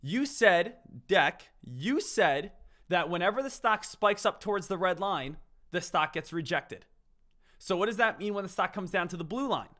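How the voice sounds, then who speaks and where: A man's voice: high voice, animated, moderate pace, pushed and bright. A man hosting a live trading stream, chatting casually and answering his viewers, often repeating the word "again.".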